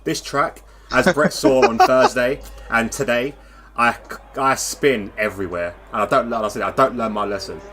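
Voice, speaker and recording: A man commentates a live sim-racing esports event over music, his voice medium in pitch and his speed normal. He reads off the standings in a chatty, rambling manner, making jokes at his own expense.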